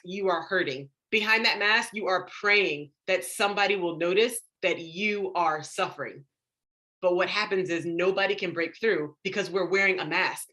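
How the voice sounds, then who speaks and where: Bright, animated woman coaching live. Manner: animated, acts out inner voices with big pitch jumps; drops soft and low on emotional words. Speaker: confidence coach. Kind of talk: live motivational talk to an online audience.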